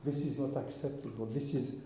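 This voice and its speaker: Earnest man, dark voice in echoey hall. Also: mid-range voice, fairly even intonation, fairly quick, a little hiss or hum. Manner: earnest, searching, with frequent restarts. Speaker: rabbi. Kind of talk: informal sermon talk with the congregation. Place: synagogue hall. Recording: echoey hall, long reverb.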